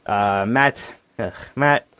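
A man's voice: on the low side, slow pace, clean tone, no echo, highs cut off. A man co-hosting a casual gaming news podcast, laughing often and reading listener comments aloud. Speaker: podcast co-host. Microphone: headphones and desk mic.

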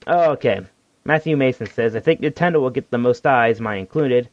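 A man co-hosts a casual gaming news podcast, laughing often and reading listener comments aloud in a mid-range voice at normal speed. He uses headphones and a desk mic, and the recording is dry and dull.

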